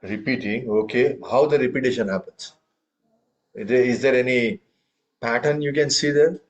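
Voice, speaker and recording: A man's voice: medium pitch, moderate pace. A man teaching a group tabla lesson, counting beats and reciting drum syllables for students to follow.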